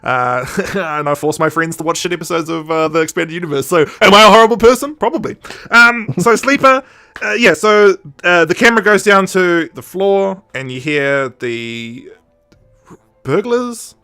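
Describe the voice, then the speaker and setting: A man's voice: high voice, expressive, normal speed, bright, forceful tone, faint music behind. A man co-hosting a podcast, chatting casually and rambling through jokes and silly impressions. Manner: rambling, jokey, mimics characters with sound effects. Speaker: podcast co-host. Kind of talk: casual chat.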